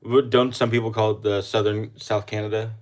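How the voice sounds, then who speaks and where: A man's voice: lowish voice, level tone, fairly quick, a loud crowd. A young man from the United States co-hosting a casual livestream chat, easygoing and rambling. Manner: easygoing, rambling with restarts and laughs. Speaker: co-host of coin livestream.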